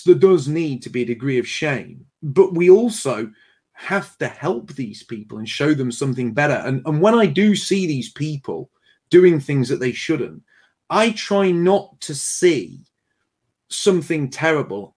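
A man's voice: a little high, husky. Chatty man hosting a panel. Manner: chatty, self-deprecating, quick asides. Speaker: podcast host reading viewer donations. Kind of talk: casual panel chat.

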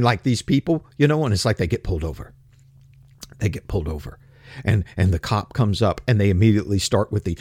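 A man's voice: medium pitch, no room sound, studio quality. A man ranting in opinion commentary, blunt, profane and sarcastic.

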